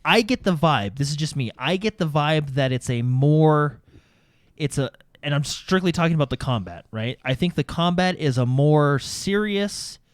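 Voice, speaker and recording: A man's voice: on the high side, lively intonation, moderate pace, no echo, clean studio sound. A man co-hosting a gaming podcast in casual chat, rambling with many fillers and restarts. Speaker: podcast co-host.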